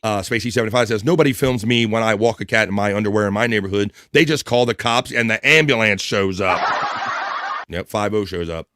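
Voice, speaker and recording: A man's voice: on the low side, a little fast, pushed and bright. Joking man hosting a livestream. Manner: jokey, crude banter, laughs often. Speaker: livestream host. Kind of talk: casual livestream chat reading viewer comments.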